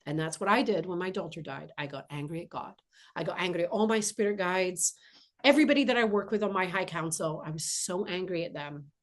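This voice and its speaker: A woman spiritual teacher giving an earnest, emphatic inspirational monologue, often repeating key phrases for weight. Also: lowish voice.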